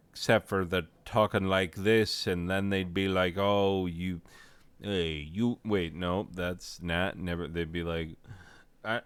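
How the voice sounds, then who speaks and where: Brief: low-voiced male game reviewer, smooth tone, rambling and self-deprecating. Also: fairly bright tone, no room sound. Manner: tangential, self-deprecating, loses the thread. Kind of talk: casual rambling commentary.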